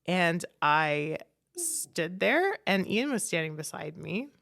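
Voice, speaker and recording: Canadian woman on a podcast, low-ish creaky voice, blunt and chatty, says like a lot and swears casually. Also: big pitch swings, takes it slowly, fairly bright tone. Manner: frank, peppered with "like", swears casually. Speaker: podcast guest. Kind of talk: candid conversational storytelling.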